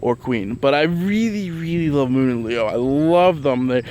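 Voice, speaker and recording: A man's voice: mid-range voice, animated, moderate pace, darkish tone, slight background noise. A man chatting casually about astrology in a vlog, rambling with lots of fillers and restarts and often breaking into laughter between points. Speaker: vlogger.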